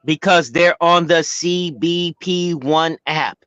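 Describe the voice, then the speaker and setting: A speaker on a casual panel, calmly stepping in to clarify. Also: medium pitch, takes it slowly, clean tone, no room sound, dull audio. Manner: clarifying, calm and corrective.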